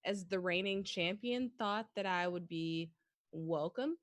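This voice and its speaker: A woman player speaking in character as a self-assured champion, measured and deliberate. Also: on the low side, no echo. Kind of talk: in-character role-play.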